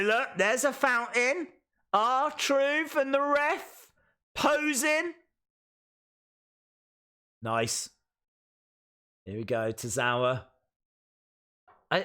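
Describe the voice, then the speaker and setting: A fairly high, bright and forceful male voice. He keeps up chatty, excitable commentary on a live watch-along stream. Between reactions he reads out comments from his viewers.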